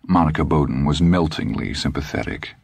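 A man narrating an audiobook in a dry, measured storytelling manner. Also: very deep voice, animated, gravelly, a little mellow, dry recording. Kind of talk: scripted narration.

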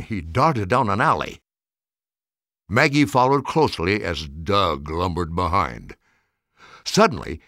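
A man in his eighties reading a storybook aloud with an expressive, sweeping delivery. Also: low voice, slow, long pauses, no echo, clean studio sound. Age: 80s. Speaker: narrator.

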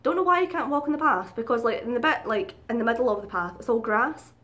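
A woman's voice: on the high side, lively intonation, quick pace, fairly bright tone. Chatty woman, swearing freely. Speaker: vlogger. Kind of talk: casual storytelling.

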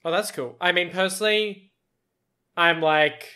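A man's voice: high-pitched, unhurried, bright, forceful tone, a little hiss or hum. A man with an Australian accent giving casual, laugh-filled movie reaction commentary, swearing freely.

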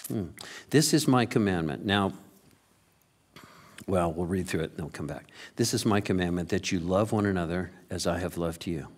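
Man preaching slow, emphatic sermon. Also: sits low. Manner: slow emphatic reading of scripture with animated asides. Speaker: pastor.

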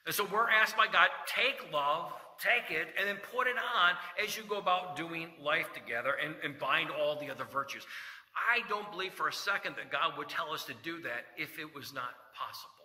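A man's voice: a little high, expressive, moderate pace, pushed and bright. Man preaching in an echoey church. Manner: folksy, jokes and asides, scripture quotes. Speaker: pastor. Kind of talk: sermon. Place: church sanctuary. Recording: echoey church hall reverb.

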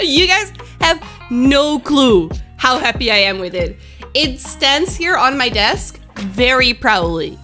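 Bubbly young woman streamer, bright and high, giggly live chat, faint music behind. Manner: bubbly, giggly, chats with viewers.

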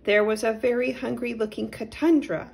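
A woman gently reading a children's story aloud as the storyteller. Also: fairly high pitch, steady tone, normal speed, creaky.

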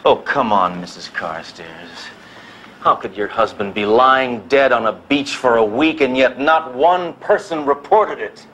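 An actor playing a dim, wisecracking private eye in a detective spoof. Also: male voice, medium pitch, expressive, a little slow, a bit bright, a little hiss or hum. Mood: wry. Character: bumbling male private eye.

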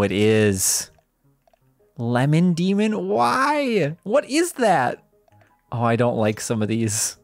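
A low-pitched woman's voice gives casual gameplay commentary, presenting a video game with excitable spoken reactions and frequent laughter. There's no echo on the recording.

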